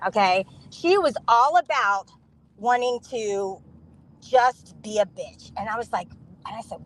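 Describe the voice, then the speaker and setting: A woman's voice: on the high side, measured pace, rough recording. A middle-aged woman telling an indignant story to camera in a casual vlog, acting out the voices of the people in it. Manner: animated, indignant, acts out quoted voices.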